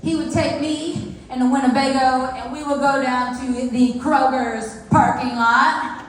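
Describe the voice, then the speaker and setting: A woman's voice: high-pitched, fairly even intonation, normal speed, slight background noise. A woman in her thirties telling playful stand-up stories, chatting straight to the crowd on a comedy club stage. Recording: echoey live room with long reverb.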